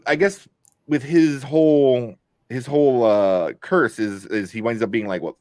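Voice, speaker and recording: A man's voice: mid-range voice, unhurried, a little mellow, no echo. A young man co-hosting a casual movie review chat, rambling with lots of fillers and restarts. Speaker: podcast co-host.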